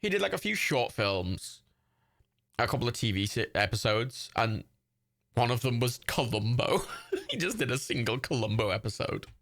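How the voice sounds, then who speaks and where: Very animated at a moderate pace, a man hosting a livestream chats through a watch party in a casual, rambling way, swearing freely and laughing frequently. His voice is medium-pitched, creaky and fairly bright.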